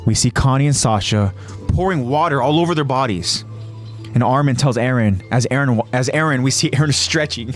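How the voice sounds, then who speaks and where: A man hosting a podcast, narrating an episode recap in a casual tone and jumping into quoted lines with a raised, shouting voice. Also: medium pitch, a little fast, soft background music.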